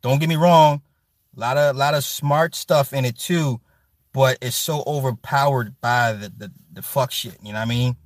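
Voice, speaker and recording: A man hosting a livestream, chatting casually and reading comments, loose and profane, with loud animated outbursts. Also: mid-range voice, normal speed, no echo, clean studio sound. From Chicago. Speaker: livestream host reading chat. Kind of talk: casual chat.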